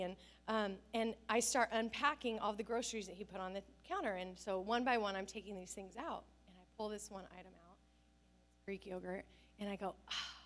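A woman's voice: medium pitch, a bit bright. A woman pastor preaching a conversational sermon, telling stories with self-deprecating humor.

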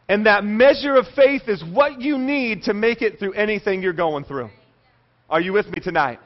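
A man with a high-pitched voice preaches a sermon to his congregation. He tells stories with animated energy and keeps turning to the room with call-and-response questions. The recording sounds muffled and lo-fi. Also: measured pace. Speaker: pastor. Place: church service before a congregation.

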